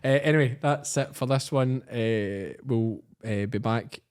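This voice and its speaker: A man's voice: medium pitch, a little slow, darkish tone, clean tone. A Scottish man, a podcast co-host, telling a story in casual chat and laughing as he goes.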